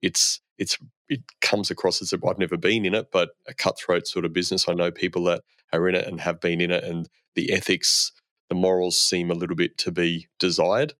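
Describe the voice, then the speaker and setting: A man's voice: low-pitched, flat delivery, a little fast, fairly bright tone, no echo. A man hosting a podcast interview, framing long questions with frequent restarts. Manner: rambling, many restarts as he frames questions. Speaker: podcast host.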